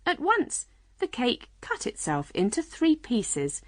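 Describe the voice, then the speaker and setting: A woman narrating a children's storybook audiobook in a clear, measured reading. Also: on the high side, huge pitch swings, no echo.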